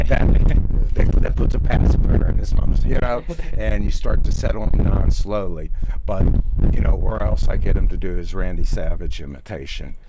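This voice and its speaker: Deep-voiced older male barber, noisy room. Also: lo-fi sound. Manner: opinionated, rambling storyteller. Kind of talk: casual interview. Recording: noisy background.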